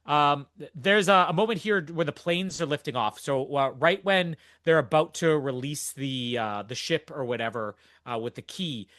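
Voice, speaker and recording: A man's voice: a little high, normal speed, hardly any pauses, fairly bright tone, no room sound, clean studio sound. A young man hosting a podcast, chatting casually and enthusiastically through a movie recap, rambling and laughing often. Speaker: podcast host.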